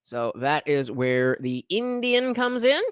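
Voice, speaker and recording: Lively, rambling American man host. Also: fairly high pitch, takes it slowly, clear, resonant tone, dry recording, clean studio sound. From United States. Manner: rambling, many filler sounds and restarts. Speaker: host reacting to clips. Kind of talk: casual commentary.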